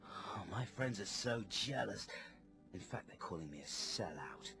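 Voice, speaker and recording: A man's voice: fairly low pitch, expressive, unhurried, gravelly, bright, forceful tone, soft background music, full character voice. A man doing a giddy young slacker genius. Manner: breathless, eager, rising exclamations. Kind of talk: comedy radio sketch.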